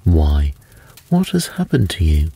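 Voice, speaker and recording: A man's voice: extremely low pitch, huge pitch swings, measured pace, vocal fry, mellow, slightly rough, voice pushed down, heavily acted. A man voicing a small, friendly male lantern spirit who talks in a chatty, kindly way. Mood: surprised.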